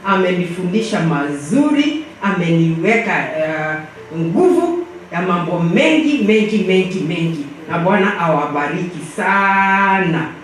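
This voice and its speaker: At a memorial service in an echoey church hall, an older Kenyan-accented woman preaches fervently from a distance, repeating "praise the Lord." Her voice is on the low side and animated, at a measured pace, with a little hiss or hum.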